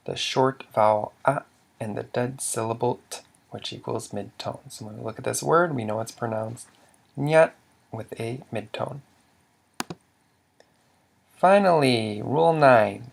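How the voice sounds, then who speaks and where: A man's voice: medium pitch, creaky, slight background noise. A man teaching a language lesson, explaining rules patiently step by step with some fillers.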